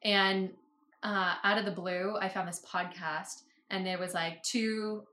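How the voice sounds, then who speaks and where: A woman's voice: mid-range voice, steady tone, a little slow, bright, forceful tone. A woman telling her story in a casual interview, talking in a chatty way with lots of fillers. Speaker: podcast guest, business owner. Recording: roomy echo.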